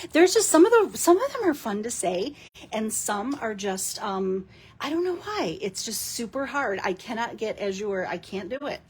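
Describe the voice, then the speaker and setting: A woman's voice: fairly high pitch, husky. A woman hosting a casual live card-making demo, chatting and giggling with her viewers as she works.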